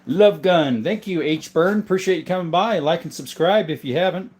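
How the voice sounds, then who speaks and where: A man's voice: fairly high pitch, moderate pace, darkish tone, a little hiss or hum. A man in his thirties from southern Arizona, chatting casually on a livestream, greeting viewers by name and showing his collection. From southern Arizona, USA. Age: 30s. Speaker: livestream host and gun collector. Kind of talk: casual livestream chat reading comments.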